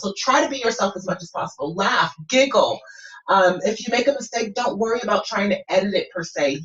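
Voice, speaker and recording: A woman coaching students in an encouraging way, often checking in with "okay?". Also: fairly low pitch. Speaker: business coach. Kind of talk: coaching lesson. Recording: roomy, distant, dull lo-fi sound.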